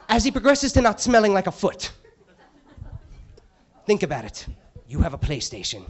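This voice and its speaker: A man voicing a smarmy middle-aged male TV charity spokesman who guilt-trips viewers in a low, hushed sales pitch. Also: slightly rough.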